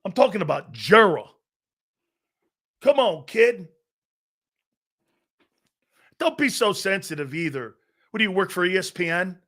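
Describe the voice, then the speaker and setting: A man's voice: high-pitched, very animated, brisk, pushed and bright. A man hosting a sports talk show in a brash, profane, mocking rant.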